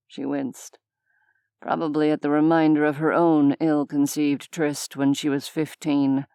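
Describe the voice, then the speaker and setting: A woman reads an audiobook in a low, unhurried voice, measured and even. Her tone is smooth and crisp, recorded close in a dry studio booth with no room sound. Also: no room sound. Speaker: audiobook narrator. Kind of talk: scripted narration.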